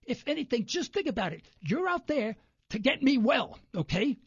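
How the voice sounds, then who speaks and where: Animated, gravelly New storyteller. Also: male voice, very high voice, normal speed, no echo. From New York. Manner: animated storyteller, acts out quoted people. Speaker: radio show guest. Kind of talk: rambling anecdotal radio interview. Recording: dull lo-fi radio audio, dry.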